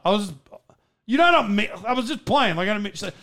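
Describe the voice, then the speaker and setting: A man with a high voice tells a long story to his podcast co-host in a loose, casual way. He rambles, laughs often and restarts his sentences. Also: animated, fast, a bit bright.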